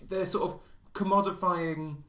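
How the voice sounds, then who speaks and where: A man's voice: sits high, fairly even intonation, a little slow. A man co-hosting a podcast, chatting casually and ranting with laughs. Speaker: podcast co-host. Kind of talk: casual chat. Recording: echoey room with faint music.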